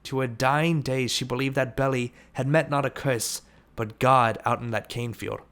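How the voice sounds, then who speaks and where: A man narrating an audiobook, reading steadily and lifting his voice for shouted lines. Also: mid-range voice, steady tone, normal speed. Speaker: audiobook reader.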